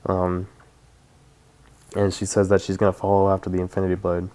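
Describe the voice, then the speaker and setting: A man gives a casual, hesitant retelling of a book, filling gaps with many pauses and fillers. His voice is low and sits in a narrow, flat range. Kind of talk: casual book synopsis narration.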